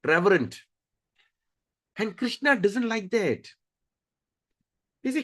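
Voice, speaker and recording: A man's voice: sits high, slow pace. A man giving a scripture study lecture, repeating key words and often restarting sentences as he explains. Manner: animated, acts out stories with voices. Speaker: scripture teacher.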